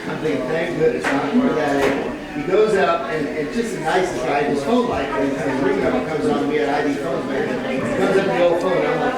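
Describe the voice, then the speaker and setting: Echoey high-voiced tour guide telling stories. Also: male voice, fast. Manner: animated storyteller acting out quoted voices. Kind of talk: storytelling hotel tour. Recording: echoey hall from far off, crowd noise.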